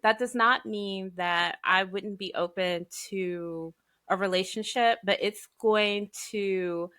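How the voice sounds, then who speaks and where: A woman with a Southern accent hosting a podcast in casual chat, bubbly and animated, acting out quotes as she tells stories. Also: mid-range voice. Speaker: podcast host.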